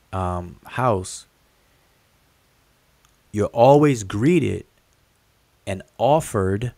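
A man with a fairly low voice teaches on a livestream, walking his viewers through inscriptions. He explains patiently, circles back to repeat key terms, and speaks to his chat directly. His voice is dry and close, with no room around it. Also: darkish tone, no echo. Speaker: host teaching hieroglyphic writing.

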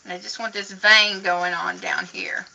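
Bright-voiced chatty craft teacher woman. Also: mid-range voice, fairly even intonation, measured pace, gravelly, low-quality recording. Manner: chatty, encouraging, explains step by step. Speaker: craft instructor. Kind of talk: casual painting lesson. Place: indoors at a craft table.

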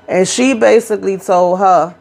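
A woman's voice: mid-range voice, normal speed, gravelly, a little mellow. A woman hosting a casual reality TV recap, blunt and profane, acting out quotes as she retells scenes. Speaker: YouTube reality TV recap host.

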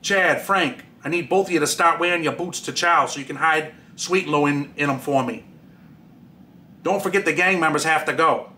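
A man's voice: fairly high pitch, moderate pace, sharp tone, slight background noise. A man doing a mocking fake-Boston imitation. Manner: drops his R's. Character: young male gang member mimicking a disliked prison boss.

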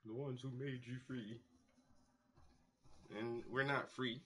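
A man hosting a painting show, telling stories in a loose, profane, animated way and acting out the people he quotes. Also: mid-range voice, slow pace, husky. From United States. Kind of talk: casual storytelling monologue.

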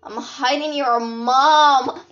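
A woman's voice: high voice, fairly even intonation, drawn-out words, a bit bright. A woman from Brazil giving casual, sarcastic gameplay commentary and swearing often. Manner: playful, sarcastic, swears a lot. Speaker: gameplay streamer. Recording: dull lo-fi audio with faint game music.

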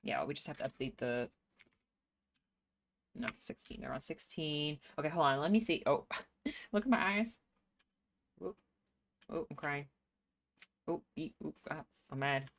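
A woman's voice: low voice, normal speed, long pauses. A woman streaming a life-sim game, chatting casually, reading chat aloud and laughing often.

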